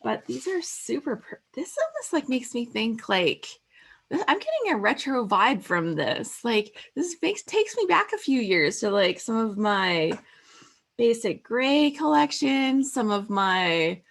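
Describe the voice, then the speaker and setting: Bubbly woman with a gravelly edge. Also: high-pitched, very animated, unhurried. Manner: bubbly, chatty, laughs often, many fillers. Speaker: scrapbooking livestream host. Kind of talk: casual craft livestream chat.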